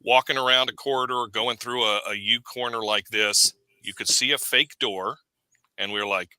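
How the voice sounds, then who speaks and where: A man who is a podcast guest, chatting casually and telling lively anecdotes. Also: mid-range voice, normal speed, clear, resonant tone, no room sound. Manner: storytelling, animated anecdotes. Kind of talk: casual chat.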